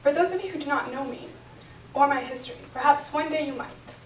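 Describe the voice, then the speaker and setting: A young woman with a high voice reads an earnest, emotional prepared speech from notes at her bat mitzvah celebration, speaking fairly quickly. She is recorded from far off in an echoey hotel function room, with slight background noise.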